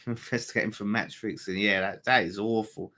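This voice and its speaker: This man hosts a fan channel and is streaming a live watchalong of a football game. His voice sits lowish and his pace is unhurried, yet he talks to viewers with excitement, cursing liberally and joking around as the match plays out.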